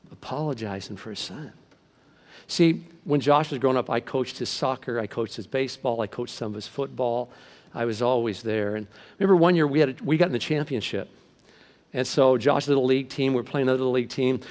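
A middle-aged man preaching a sermon as pastor, telling stories in a lively way and acting out the voices of the people in them. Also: medium pitch. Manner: animated storytelling, acting out quoted voices. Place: large church hall. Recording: long reverb from a large hall.

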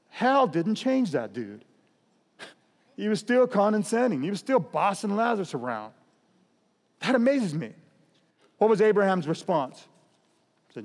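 A middle-aged man preaching a sermon in a conversational style, swinging between loud emphatic bursts and soft, quiet drops. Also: a little high, very animated, a little slow, pauses often. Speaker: pastor. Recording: long hall reverb.

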